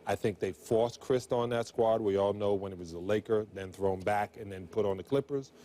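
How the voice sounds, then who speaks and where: A man's voice: fairly low pitch, normal speed, dark tone. A man in his forties on a sports talk show, giving his view earnestly and rambling through restarts. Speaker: sports analyst.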